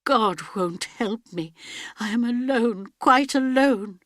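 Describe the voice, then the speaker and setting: A woman voicing a frightened middle-aged housewife who pleads, swinging between hushed prayers and cries. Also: a little high, takes it slowly, no echo, clean studio sound. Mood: despairing.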